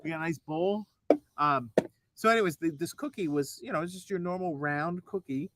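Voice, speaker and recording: A man co-hosting a casual married-couple podcast, making quiet, wry interjections. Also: fairly high pitch, normal speed, heavy background noise. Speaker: podcast co-host.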